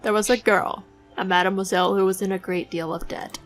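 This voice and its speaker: A woman voicing a smooth, evasive male detective in disguise in a game, speaking in a suave, theatrical way. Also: mid-range voice, fairly even intonation, brisk, soft background music, natural voice, rough recording. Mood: storytelling. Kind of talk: voicing a visual novel let's play.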